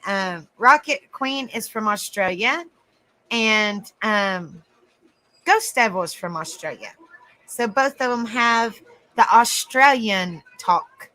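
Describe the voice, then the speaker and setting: A woman's voice: mid-range voice, sharp tone, poor audio. A woman with a Southern US accent, hosting a casual live stream, chatty and giggly as she greets viewers by name. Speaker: livestream host.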